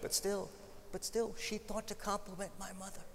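Male preacher, slightly high voice, conversational sermon with jokes, long church reverb, faint room hum. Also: little pitch movement, moderate pace, vocal fry. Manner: conversational storytelling with humorous asides.

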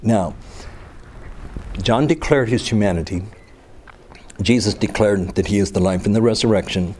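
Low, mellow man teaching the Bible. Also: normal speed, slight background noise. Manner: reads scripture aloud, then comments with asides and rhetorical questions; casual, teasing.

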